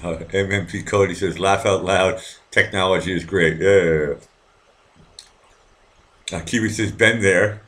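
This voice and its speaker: A man with a very deep voice hosts a late-night live show from home. He rambles, swears freely and restarts his sentences often. He is from Boston. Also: fairly even intonation, measured pace, pauses often, fairly bright tone. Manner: rambling, profane, many restarts. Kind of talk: casual live-stream talk with callers. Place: apartment at night.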